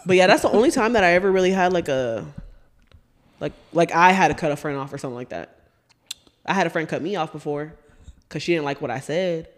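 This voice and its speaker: A woman's voice: low voice, quick pace, pauses often. A woman guest on a podcast, telling a story in a casual chat and swearing freely as she goes. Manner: profane, animated storyteller.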